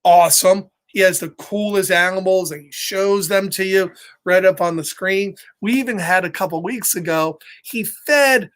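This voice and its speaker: A man hosting a children's story time online, reading a picture book aloud with animated, chatty, laughing delivery. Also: high voice, normal speed.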